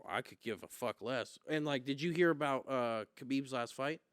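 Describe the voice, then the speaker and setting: Brief: young male podcast host, crisp and dry, animated profane storyteller. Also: mid-range voice, normal speed, no room sound. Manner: profane storyteller who acts out quotes loudly. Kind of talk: casual chat.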